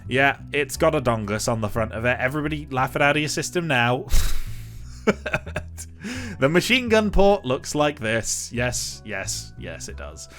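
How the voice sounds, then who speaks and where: A man's voice: medium pitch, sing-song, normal speed, fairly bright tone, faint music behind. A man giving casual, rambling commentary over his own game build, chuckling often and poking fun at himself. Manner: chuckling, rambling, self-deprecating.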